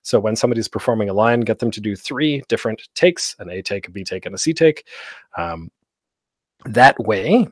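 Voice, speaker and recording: A man's voice: fairly low pitch, lively intonation, normal speed, dry recording, clean studio sound. A man hosting a convention panel, giving tips in a casual, live-streamed workshop talk full of fillers. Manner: chatty, with many fillers.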